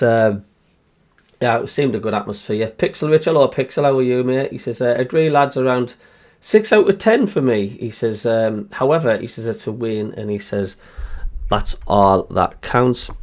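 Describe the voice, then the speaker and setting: Chatty host with a Sunderland accent. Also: male voice, medium pitch. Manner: chatty, lots of fillers, reads out live chat messages. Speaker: podcast host reading listener messages. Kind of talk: casual football chat.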